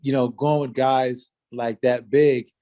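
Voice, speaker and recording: A man's voice: mid-range voice, level tone, slow, mellow. A man in his forties, a former fighter, telling a story in casual interview talk, loose and rambling with many fillers and restarts.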